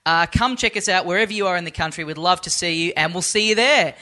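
Brief: high-voiced Australian male co-host, quick, dry studio sound, jokey self-mocking banter. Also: pushed and bright, no echo. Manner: joking, self-deprecating banter. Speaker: podcast co-host. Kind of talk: casual comedy chat. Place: radio studio.

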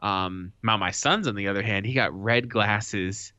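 A man co-hosting a podcast, telling a story in a casual, animated way and swearing freely. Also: lowish voice, measured pace, dry recording. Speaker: podcast co-host. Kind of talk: casual chat. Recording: dull lo-fi sound.

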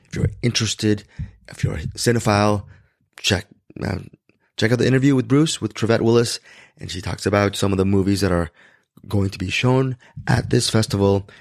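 A man in his fifties with a hoarse, raspy voice hosts a podcast in casual chat, rambling and often correcting himself. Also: normal speed, no room sound, clean studio sound. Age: 50s. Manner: rambling, frequent self-corrections, jumps to excited high pitch. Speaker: podcast host.

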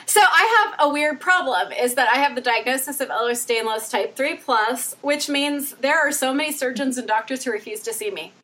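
A woman's voice: high-pitched, moderate pace, few pauses, pushed and bright. A woman in casual chat, wry and sarcastic, swearing freely.

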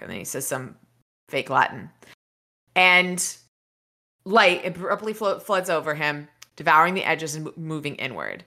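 A woman's voice: low voice, expressive, measured pace, sharp tone. A woman podcast host casually retelling a novel's chapters, rambling with fillers and restarts. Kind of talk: casual book recap.

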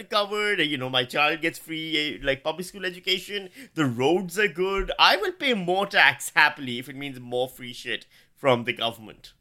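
A man's voice: fairly high pitch, expressive, moderate pace, pushed and bright. A man from Pakistan, a podcast co-host and comedian, telling a self-mocking story in casual chat.

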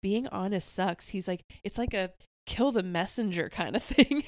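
A woman's voice: medium pitch, moderate pace, no room sound, clean studio sound. Giggly woman chatting on a podcast. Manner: chatty, giggly, quotes people with lots of "like". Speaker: podcast co-host. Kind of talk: casual recap chat.

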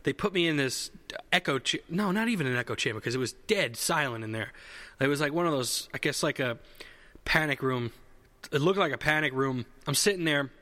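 Bright-voiced man telling a rambling story. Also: fairly high pitch, lively intonation, a little fast, long reverb tail. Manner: rambling, self-correcting, swears freely. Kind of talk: casual comedic storytelling.

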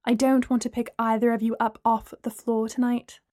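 Figure: woman reading a brisk, sensible young man. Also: on the high side, level tone, warm tone, no room sound, clean studio sound, natural voice. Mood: firm.

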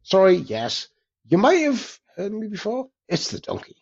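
Boisterous pirate with a Northern Irish lilt, done by a man: husky, gravelly, pitch leaping all over. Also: wildly swooping pitch, normal speed, a little mellow, full character voice. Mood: hearty. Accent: Northern Irish put-on. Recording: dull lo-fi sound.

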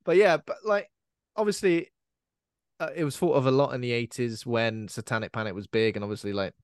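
A man's voice: mid-range voice, fairly quick, clean tone, no room sound, studio quality. A man co-hosting a horror film podcast, chatting in a rambling, easygoing way and laughing often. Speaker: podcast co-host. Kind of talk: casual film chat.

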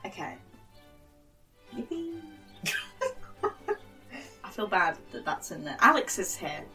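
A woman's voice: on the low side, very animated, slow pace, pushed and bright, far from the mic, soft background music. A British woman chatting playfully and laughing between takes of a podcast recording. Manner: giggly, playful. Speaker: podcast voice actor. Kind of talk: casual chat between takes.

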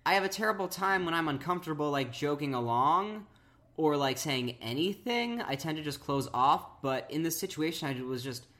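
A young woman in casual chat, talking haltingly with frequent restarts and filler words. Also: low-pitched, a bit bright. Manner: halting, restarts often with many "like"s.

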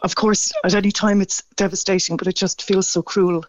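A man calling in to a radio show, speaking haltingly and stammering as he grows emotional. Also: high-pitched, little pitch movement, no room sound, highs cut off. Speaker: radio caller. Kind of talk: phone-in radio chat.

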